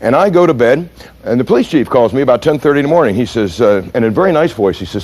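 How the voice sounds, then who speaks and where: An American man gives a storytelling lecture on police training. His pitch swings widely and he talks fast. He keeps pulling the audience in with questions. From United States. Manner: animated, punchy storyteller who asks the audience questions.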